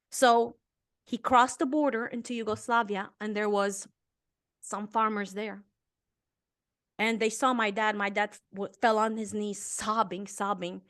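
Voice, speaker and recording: A woman in her fifties from Romania, a guest author telling a personal story in an interview, earnest and emotional, swelling and dropping to a hush. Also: fairly high pitch, normal speed. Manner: earnest and emotional, with intense swells and hushed drops.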